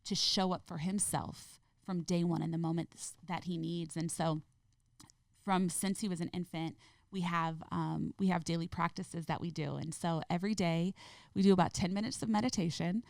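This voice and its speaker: A woman speaking as a podcast guest in an earnest, gentle, heartfelt way. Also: on the low side, fairly even intonation, normal speed, gravelly, no room sound, clean studio sound. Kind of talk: reflective interview conversation.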